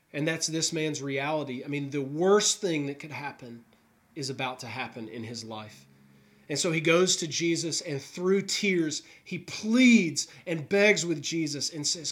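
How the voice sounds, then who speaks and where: A man's voice: a little high, a bit bright. A man preaching an Easter sermon, telling a Gospel story earnestly and voicing the characters' thoughts. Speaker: pastor. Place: New York.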